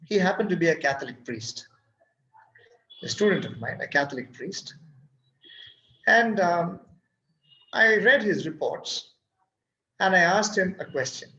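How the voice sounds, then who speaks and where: A man's voice: high-pitched, lively intonation, unhurried, long pauses, pushed and bright, echoey room, dull audio. A male teacher telling a story from his class as a lecture and posing reflective questions to listeners. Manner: recounts events, then asks reflective questions. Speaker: teacher and workshop speaker.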